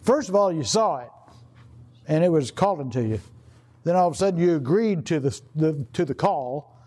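Older man, preacher, casual rambling sermon, high voice, soft warm tone. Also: lively intonation, normal speed. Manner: rambling, conversational, full of "you know" and restarts. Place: outdoor gathering.

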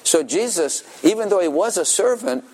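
A man's voice: high-pitched, expressive, moderate pace, a little mellow. An older man preaching a sermon in a folksy storytelling manner, chuckling often.

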